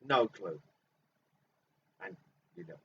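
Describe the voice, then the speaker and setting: A man's voice: mid-range voice, sing-song, takes it slowly, vocal fry, pushed and bright, breathy edge. A man hosting a comic bingo game, drawing out names theatrically and swearing in asides. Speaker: bingo host. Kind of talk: comic live-stream bingo calling. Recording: dull distant mic with faint noise.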